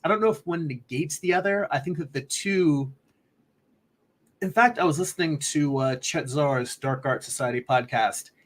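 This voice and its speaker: A man casually chatting on a livestream as an artist, laughing easily and reading viewer comments aloud. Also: on the high side. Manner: relaxed, rambling, laughs often, reads chat comments aloud. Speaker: artist streamer answering chat.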